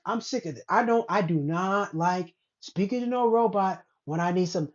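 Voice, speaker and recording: A woman's voice: medium pitch, moderate pace, few pauses. A woman hosting a casual commentary show, ranting in a blunt, rambling way with plenty of profanity. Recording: dull lo-fi recording.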